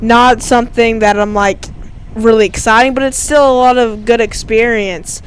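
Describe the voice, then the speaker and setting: A teenage boy, an amateur bike racer and vlogger, gives rambling, chatty voice-over commentary on his own race footage, stuffing his talk with "like." His voice is very high and fairly bright, with fairly even intonation and a moderate pace. There's slight background noise.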